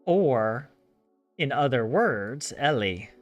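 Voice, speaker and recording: A slow-talking man with a medium-pitched voice and a Southern American accent hosts a language-learning vlog. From the southern United States, he chats loosely, rambles with many "like" fillers and animated asides, and soft game music runs underneath.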